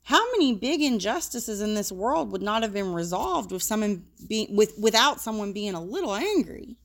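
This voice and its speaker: A woman's voice: mid-range voice, big pitch swings, moderate pace, fairly bright tone. A woman working as a social worker, talking frankly and casually about emotions, with the odd swear word.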